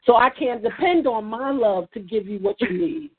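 Leading a faith roundtable over a tinny phone call, a woman speaks earnestly at a moderate pace in a husky, fairly high voice with lively intonation. The casual discussion is full of restarts and filler words.

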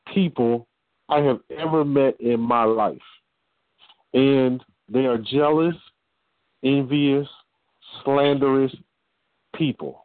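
A man's voice: mid-range voice, dry recording. Emphatic middle-aged man on a tinny line. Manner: emphatic, lecturing. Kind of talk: casual talk show discussion. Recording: tinny phone-like line, dry.

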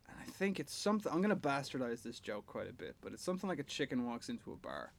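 A man's voice: medium pitch, sing-song, quick pace, vocal fry, slight background noise. A man co-hosting a podcast in casual chat, jokey and sweary, telling rambling jokes, recorded in a garage. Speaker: podcast co-host.

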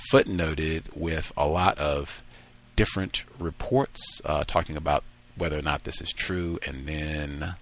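A man hosting a call-in talk show, reading a passage aloud and then chatting in relaxed asides. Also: a bass voice, unhurried. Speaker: radio talk show host.

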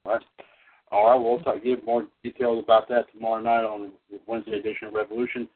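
A man's voice: lowish voice, flat delivery, quick pace. A man hosting a talk show, making rambling announcements full of restarts. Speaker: host. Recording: tinny phone-line audio.

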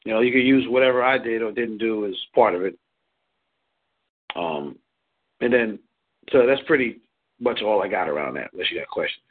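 A man's voice: lowish voice, husky. A man giving casual relationship advice, rambling, repeating words and laughing often. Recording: tinny phone line.

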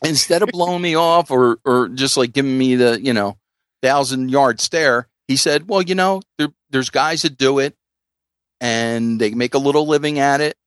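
A man's voice: mid-range voice, moderate pace, smooth, dry recording, studio quality. A middle-aged man with a Philadelphia accent, co-hosting a casual podcast and telling rambling stories full of restarts and fillers. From South Philadelphia. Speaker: podcast co-host.

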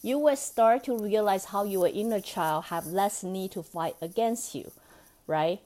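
With a mid-range, slightly dark voice and a somewhat slow delivery, a woman hosts her own self-help podcast. She talks in a friendly, persuasive way, keeps checking in with "right?", and laughs as she moves from one idea to the next.

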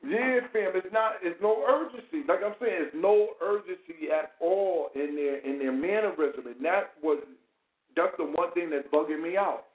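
A man hosting a casual commentary chat, animated and profane, full of rhetorical questions. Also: fairly high pitch, moderate pace. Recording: tinny phone-like sound in an echoey room.

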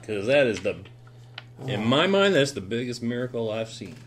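A man talking as a player in a tabletop game, halting and lively. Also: mid-range voice, a little hiss or hum. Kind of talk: casual chat at a game table.

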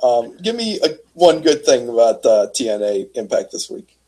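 Husky easygoing male podcast host. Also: medium pitch, very animated, normal speed, dark tone, rough recording. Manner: joking, easygoing, talks wrestling. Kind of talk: casual podcast chat.

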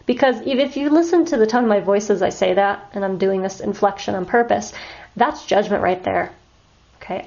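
A woman's voice: mid-range voice, a little mellow, muffled recording. A woman teaching an online class on communicating with shelter animals, speaking earnestly and checking in with her students often.

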